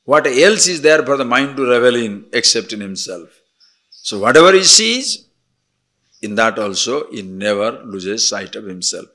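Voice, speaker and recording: An older man giving a spiritual discourse, animated, moving between emphatic declarations and soft murmured asides. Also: medium pitch, normal speed. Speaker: spiritual teacher.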